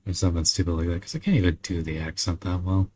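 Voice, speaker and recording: A young man from Australia, chatting casually with viewers while he plays a game, relaxed, laughing often and swearing now and then. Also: deep voice, quick pace. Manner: laid-back, chuckles often, swears casually. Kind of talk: casual chat.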